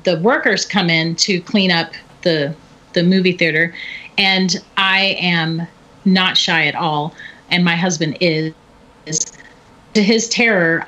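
A middle-aged woman telling a story in casual chat, animated and often laughing. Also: medium pitch. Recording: dull lo-fi recording.

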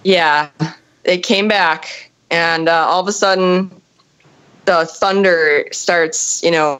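A woman telling a story in casual chat, animated and profane, acting out the people in it. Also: on the low side, takes it slowly, smooth, low-quality recording. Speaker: storyteller on a podcast.

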